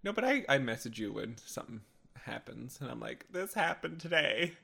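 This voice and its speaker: Giggly animated man, podcast co-host. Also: medium pitch, brisk, gravelly, slightly rough. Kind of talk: casual chat.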